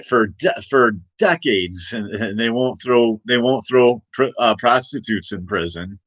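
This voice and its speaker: A man hosting a late-night casual political rant. He rambles, restarts his sentences and laughs at his own points, in a mid-pitched voice. The sound is dry and close. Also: a bit bright, dry recording. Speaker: host.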